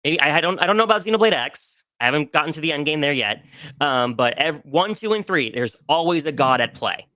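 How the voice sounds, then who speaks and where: Bright-voiced man gushing over games. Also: fairly high pitch, lively intonation, a little fast, dry recording. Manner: gushing, emotional, restarts often. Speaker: podcast guest. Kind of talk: casual podcast chat about video games.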